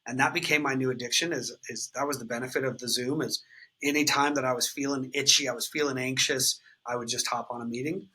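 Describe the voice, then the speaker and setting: A man in his thirties tells his story to an interviewer in a raw, unfiltered way. His voice is bright and forward, with a husky edge. He talks loosely, with plenty of fillers and casual swearing. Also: mid-range voice, steady tone, quick pace, poor audio. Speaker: guest sharing his recovery story. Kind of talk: candid conversational storytelling.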